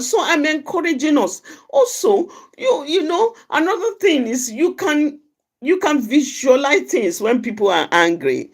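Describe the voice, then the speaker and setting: A woman's voice: high voice, expressive, measured pace. A woman giving an informal, earnest talk on managing anger. She repeats each point and fills her phrasing with "you know". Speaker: outreach speaker on anger management.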